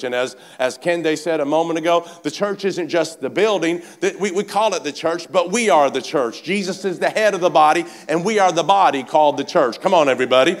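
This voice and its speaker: Fervent high-voiced male preacher. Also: a little fast, few pauses. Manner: fervent, repeatedly urges the congregation with "come on"; swings between shouting and quiet speech. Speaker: pastor. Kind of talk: sermon. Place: church service.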